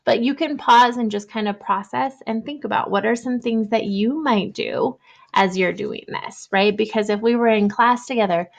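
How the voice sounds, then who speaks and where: Gentle woman teacher thinking aloud. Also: on the high side, dull audio. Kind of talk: online writing lesson for young students.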